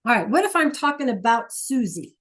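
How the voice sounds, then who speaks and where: A woman with a fairly high voice leads an online class as a teacher. She talks patiently and coaxingly and keeps firing questions at her students. Her voice comes through a computer mic on a video call. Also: big pitch swings, moderate pace, a bit bright. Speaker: Spanish teacher.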